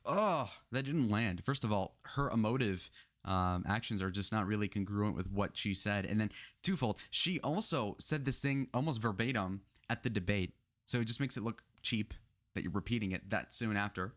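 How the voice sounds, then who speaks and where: A man's voice: fairly low pitch, moderate pace, fairly bright tone. A man doing reaction commentary on a video clip, sarcastic, profane and exasperated. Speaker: political commentator.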